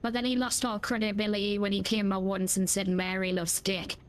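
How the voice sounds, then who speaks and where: A woman's voice: medium pitch, little pitch movement, a little fast. A woman streaming a driving game, chatting in a cheeky, jokey, rambling way. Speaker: gaming streamer. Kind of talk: casual gameplay chat.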